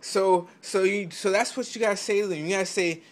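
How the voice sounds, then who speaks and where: High-voiced man ranting profanely. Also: steady tone, fairly quick. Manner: heated, profane, stammering with frequent restarts; swings into loud mock-quoted outbursts. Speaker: vlogger giving selling advice.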